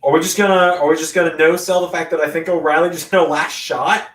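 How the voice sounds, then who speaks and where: A man hosting a live watch-along of a wrestling event, reacting with sudden loud exclamations between casual remarks. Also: a little high, fast talker, distant mic. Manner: excitable, bursts into loud exclamations. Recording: roomy echo, voice off-mic.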